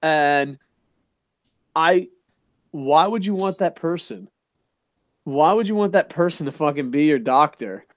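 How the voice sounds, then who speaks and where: A man's voice: fairly high pitch, a little slow, pauses often, no room sound, dull audio. Profane, rambling man talking wrestling. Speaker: podcast host. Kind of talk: casual wrestling chat.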